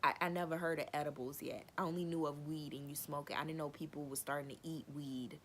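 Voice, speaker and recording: A woman with a notably low voice tells a personal story straight to camera, loose and animated, with plenty of slang and swearing. She slips into the voices of the people in her story as she goes. A faint hiss sits under the recording. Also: fast. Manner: animated, slangy, swears freely, acts out quotes. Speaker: storytime vlogger. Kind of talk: casual storytelling.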